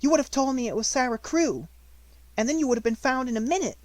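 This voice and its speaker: A man's voice: extremely high pitch, animated, quick pace, dry recording, voice pushed up. A man reading an audiobook and voicing an earnest, self-reproachful little boy in a raised voice.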